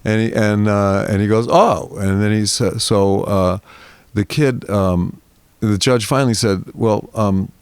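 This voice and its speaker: An older man, a guest on a podcast interview, telling a long story in a lively way and acting out the voices of the people in it. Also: fairly low pitch, a little slow, clear, resonant tone, no room sound.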